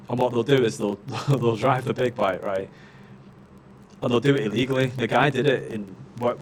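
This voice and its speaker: A man's voice: on the low side, a little hiss or hum. A man streaming live, venting in a casual rant full of fillers and swearing. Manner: swears a lot, ranting with many fillers. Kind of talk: casual chat.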